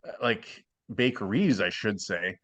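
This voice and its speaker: A man's voice: fairly low pitch, lively intonation, a little slow, fairly bright tone. A man giving blunt, plainspoken advice as a guest in a casual podcast interview. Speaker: podcast guest, former cooking show contestant.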